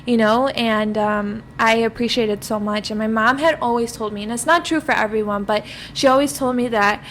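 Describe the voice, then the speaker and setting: This young woman co-hosts a podcast and reflects on her friendships in an easygoing, thoughtful way. Her voice is a little higher than most women's. Faint noise hums underneath. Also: steady tone, moderate pace, a bit bright. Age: young adult. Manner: reflective, heavy on "you know" fillers. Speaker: podcast co-host. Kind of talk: casual chat.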